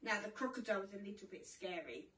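A woman's voice: mid-range voice, fast talker, fairly bright tone, roomy sound, far from the mic, a little hiss or hum, low-quality recording. A British woman teaching toddlers in a sing-along lesson, with a sing-song, exclamatory, encouraging manner. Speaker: children's teacher.

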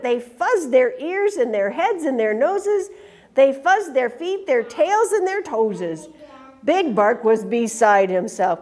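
A woman reading a picture book aloud to young children, in an animated, sing-song, coaxing way. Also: sits high. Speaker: children's storyteller. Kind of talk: storytime read-aloud to children.

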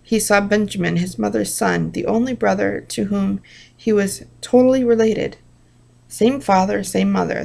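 A woman reading a Bible devotional book aloud at an unhurried pace, breaking off now and then for brief personal asides. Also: medium pitch, creaky, darkish tone.

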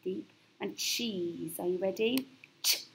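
A woman teaching a recorded phonics lesson to young children, spelling out sounds slowly and patiently encouraging them. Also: mid-range voice, vocal fry, slight background noise.

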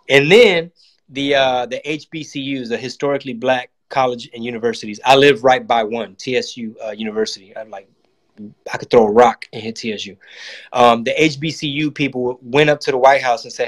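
A man's voice: medium pitch, steady tone, brisk. A man giving a casual, profane political monologue and acting out quotes in voices. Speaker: comedian and channel host.

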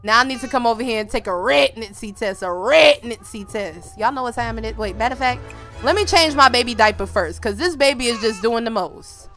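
High bright-voiced woman gaming YouTuber. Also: brisk, faint music behind. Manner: animated, joking, laughs often, breaks into shouts. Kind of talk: casual gameplay commentary.

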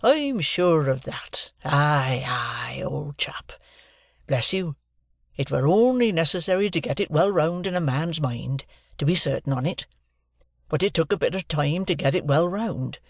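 A man voicing a kindly, slow-spoken middle-aged village blacksmith with plain rustic speech, in a storybook reading. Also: fairly high pitch, big pitch swings, no room sound, clean studio sound, exaggerated voice. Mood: comfortable.

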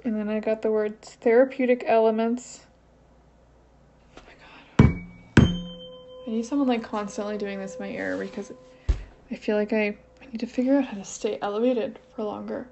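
A woman's voice: medium pitch, steady tone, moderate pace, pauses often. A woman channeling on her own in a casual, hesitant way, thinking aloud and questioning herself as she goes. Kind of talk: casual solo channeling session. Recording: slightly dull lo-fi audio with faint noise.

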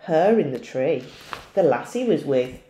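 A woman's voice: deep voice, lively intonation, measured pace, dark tone, roomy sound, lo-fi sound, slight background noise. A woman voicing a cocky, mocking schoolboy in a storybook reading. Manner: mocking, jeering.

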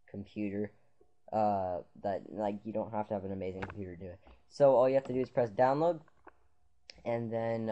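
A man with a fairly low, dark voice walks viewers through a computer tutorial. His casual screen-capture talk rambles loosely, full of "um"s, "uh"s and restarts, and the recording has a dull lo-fi sound.

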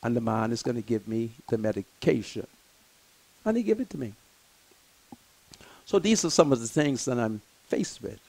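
An older man, hosting a talk show in an impassioned, emphatic monologue that swings between loud and soft. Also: mid-range voice, expressive, moderate pace, gravelly, pauses often, low-quality recording.

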